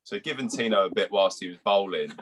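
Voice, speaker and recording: A man's voice: deep voice, quick pace, fairly bright tone, low-quality recording. A young man from England, a guest cricketer, telling rambling anecdotes with restarts and some swearing. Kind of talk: casual storytelling.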